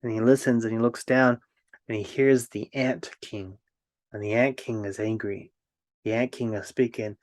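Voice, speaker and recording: A man's voice: lowish voice, steady tone, moderate pace, no room sound. Reflective male storyteller, dry close sound. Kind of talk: reflective fairy-tale storytelling.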